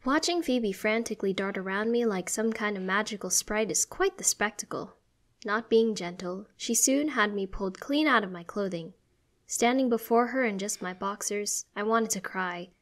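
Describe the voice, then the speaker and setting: A woman reading a story aloud in first person with a steady, expressive delivery. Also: mid-range voice, moderate pace. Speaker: story narrator.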